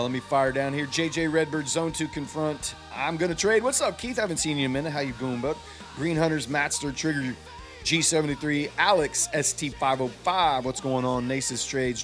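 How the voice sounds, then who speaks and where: A man hosting a live trading stream, venting about a late payout and greeting viewers from chat one by one. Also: a little high. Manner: frustrated ranting, then rattling off chat names.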